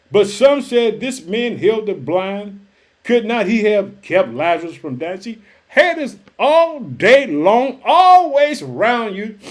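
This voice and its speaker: A man preaching a fervent sermon, reading scripture aloud and calling his listeners family. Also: sits high. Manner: fervent, calls listeners family, shouts hallelujah.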